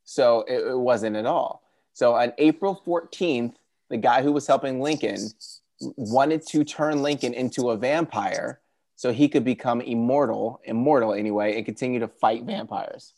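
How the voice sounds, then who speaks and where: A man's voice: medium pitch, normal speed, a little mellow, no echo. A man co-hosting a podcast in casual, enthusiastic chat, rambling and restarting his sentences. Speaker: podcast co-host.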